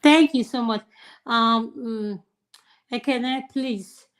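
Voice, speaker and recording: A woman hosting a live panel, briskly calling on each panelist by name. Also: fairly high pitch, smooth. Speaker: host.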